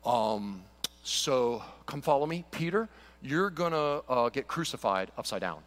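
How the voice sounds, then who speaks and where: A man's voice: medium pitch, unhurried, pitched below the performer's own voice. A man doing a breezy, offhand teacher. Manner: breezy, deadpan, joking. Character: casual offhand male teacher breaking grim news.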